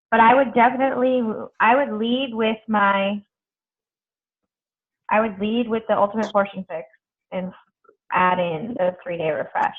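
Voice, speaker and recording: A woman coaching her team on a video call, chatty and blunt, swearing freely. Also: on the high side. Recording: tinny phone-like video call audio.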